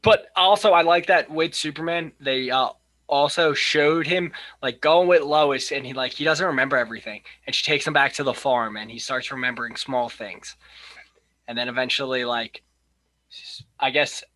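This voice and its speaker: A man co-hosting a casual movie podcast, excitable and swearing freely as he recalls scenes. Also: mid-range voice, normal speed. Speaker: podcast co-host. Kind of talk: casual movie review chat.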